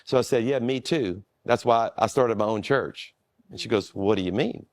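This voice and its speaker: A man who is a pastor, telling a story in a relaxed, self-deprecating way with frequent restarts. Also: medium pitch, normal speed, no room sound. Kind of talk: storytelling in a conversation.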